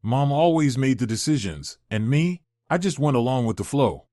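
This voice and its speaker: A man's voice: mid-range voice, expressive, moderate pace, mellow, dry recording, studio quality, close to an everyday voice. A man reading as a remorseful weak-willed husband. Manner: pleading, broken.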